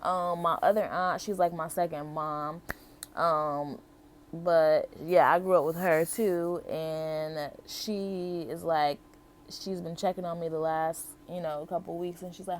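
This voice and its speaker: A woman's voice: on the low side, fairly even intonation, a little slow, a little hiss or hum. Chatty heartfelt woman in her thirties. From United States. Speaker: vlogger. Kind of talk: casual personal storytelling to camera.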